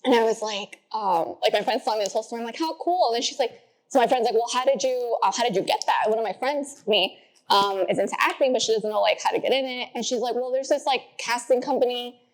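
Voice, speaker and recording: A young woman in her twenties, a podcast guest telling stories in a chatty way, filling her talk with "like" and jumping higher when she quotes people. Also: quick pace. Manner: chatty, says "like" often, acts out quotes in a high voice. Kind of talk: casual interview storytelling.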